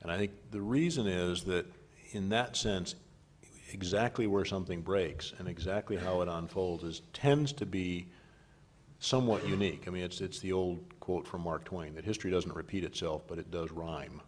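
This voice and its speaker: A middle-aged man answering as a panelist on risk management, measured and given to repeating words while he gathers his thoughts. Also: sits low, slight background noise.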